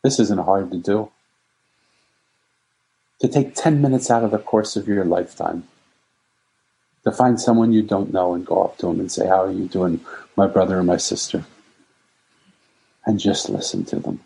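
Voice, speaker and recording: A man's voice: sits low, vocal fry, warm tone, rough recording. A man telling an inspirational story in an earnest, emphatic way, stacking repeated phrases. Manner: earnest, repetitive, emphatic lists. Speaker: speaker.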